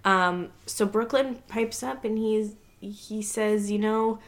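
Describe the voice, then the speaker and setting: A woman's voice: medium pitch, takes it slowly. A woman co-hosting a podcast, casually retelling scenes and laughing often. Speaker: podcast co-host. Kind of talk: casual recap chat.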